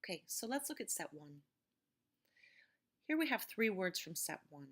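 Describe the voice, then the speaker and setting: A woman teacher giving a recorded vocabulary lecture and reading word lists slowly, stressing each syllable with care. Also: medium pitch, big pitch swings. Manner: slow, careful pronunciation drills.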